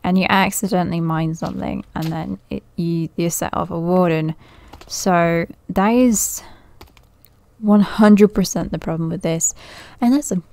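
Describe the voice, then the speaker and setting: A woman's voice: fairly low pitch, fairly even intonation, unhurried, darkish tone. Woman thinking aloud over a game. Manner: thinks aloud, nervous, often laughs and drops to a whisper. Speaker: gaming video creator. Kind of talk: casual let's-play commentary.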